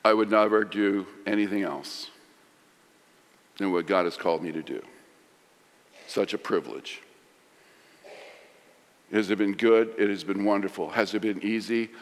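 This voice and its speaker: A middle-aged man preaching a sermon, swinging from loud emphasis to hushed lines. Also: lowish voice, a little slow, pauses often. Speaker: pastor. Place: large church sanctuary. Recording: long hall reverb.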